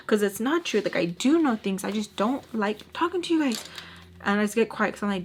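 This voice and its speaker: A young woman tells a story in a chatty, exasperated way and leans on "like" as she talks. Her voice sits at an ordinary mid pitch, with faint room ambience behind it. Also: fairly quick, a little hiss or hum. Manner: chatty, exasperated, heavy on "like", slips into Spanish phrases. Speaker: storytime vlogger. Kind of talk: casual storytelling.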